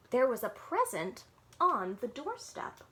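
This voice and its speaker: A woman's voice: sits high, sing-song, slow pace, pushed and bright. A woman working as a children's librarian, reading picture books aloud to young listeners in a sing-song way and often stopping to ask them questions.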